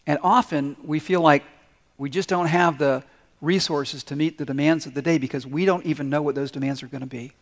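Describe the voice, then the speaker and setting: Man, pastor, sermon, high-set voice, storytelling, asks the congregation questions, long hall reverb. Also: steady tone, fairly quick. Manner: storytelling with acted-out quotes and audience questions.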